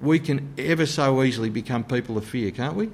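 A man preaching a sermon in an earnest way, sometimes dropping to a soft, low voice to stress a point. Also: a little fast, slightly rough.

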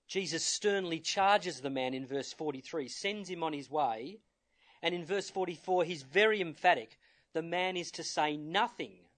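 A man preaching a sermon in an earnest, measured way, his voice sitting a little above the usual male range. He drives his points home by repeating key words and pauses now and then to restart a phrase. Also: fairly high pitch, a bit bright. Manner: earnest, measured, with emphatic repetition.

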